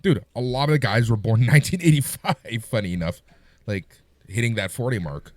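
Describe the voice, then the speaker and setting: A man's voice: medium pitch, animated, fairly quick, a little mellow, no echo. A man co-hosting a wrestling podcast in casual chat, joking and moving the show along.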